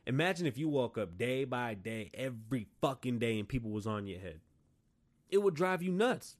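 A man's voice: mid-range voice, big pitch swings, moderate pace. A man hosting a podcast, delivering a blunt, profane, opinionated monologue with heated bursts. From Las Vegas, Nevada. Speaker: podcast host.

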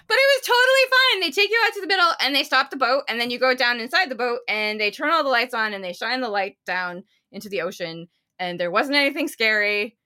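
A talkative woman tells rambling stories as a podcast co-host. Her pitch swings widely as she talks, and her voice has a bright, sharp edge. She keeps the chat casual and full of tangents. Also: lively intonation, moderate pace. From United States. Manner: chatty, rambling storyteller.

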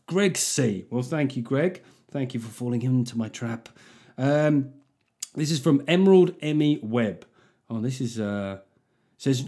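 A man's voice: medium pitch, expressive, normal speed, darkish tone. A man hosting a casual solo podcast in an ordinary mid-range voice. He reads out listener reviews with jokey, self-mocking asides and plenty of swearing. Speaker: podcast host.

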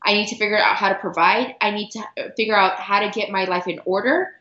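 A woman's voice: medium pitch, steady tone, sharp tone. Earnest woman retelling a hard time, roomy. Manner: earnest, repeats herself, halting restarts. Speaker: guest. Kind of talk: emotional personal storytelling. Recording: roomy, dull lo-fi sound.

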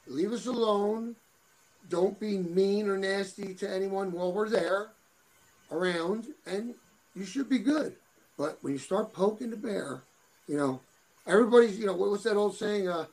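A man's voice: high voice, poor audio. A middle-aged man chatting as a guest, rambling and repeating words as he searches for them. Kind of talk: casual chat.

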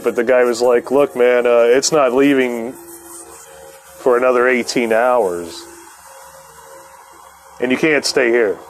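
A man, the host, telling a long personal story in a casual, profane way, laughing often and acting out what others said. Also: mid-range voice. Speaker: podcast host.

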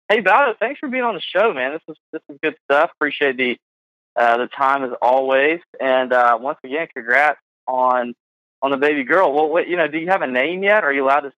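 A man's voice: medium pitch, pushed and bright, no echo, highs cut off. A man hosting a podcast in casual chat, rambling with lots of fillers. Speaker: podcast host.

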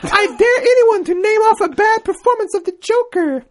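A man doing a warbling old-lady cook. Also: moderate pace. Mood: gushing. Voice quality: shrill falsetto. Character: gushing high-voiced old lady cook.

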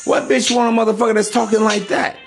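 A man's voice: high-pitched, flat delivery, quick pace, vocal fry, over music. A man hosting a podcast, giving blunt, profane dating advice in an emphatic, preachy street-talk manner. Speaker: podcast host. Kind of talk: motivational dating advice monologue.

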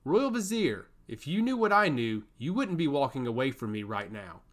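A man's voice: mid-range voice, very animated, a little fast, fairly bright tone. A man voicing a smug, scheming male servant of a god who taunts and giggles, in a storybook reading. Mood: shouting.

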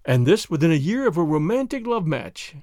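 A man reading a story, voicing a shrewd middle-aged French spy who speaks quietly, with sarcasm and mock gallantry. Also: high voice, very animated, moderate pace, no echo, clean studio sound. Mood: sly, sarcastic.

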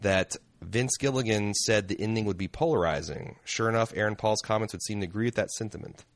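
A man co-hosting a casual podcast, joking loosely and reading listener emails aloud, his voice going hoarse. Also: on the low side, fairly quick, no room sound. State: losing his voice. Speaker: podcast co-host.

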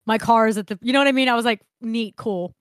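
A young woman co-hosting a podcast, telling a story in casual chat, animated, laughing often and swearing freely. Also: on the high side, fast talker, clean tone, no echo, clean studio sound. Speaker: podcast co-host.

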